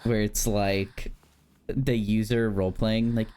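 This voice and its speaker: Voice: mid-range voice, level tone, slow, dark tone, clear, resonant tone. A streamer chatting casually with viewers while playing a horror game, talking directly to the chat and giggling often.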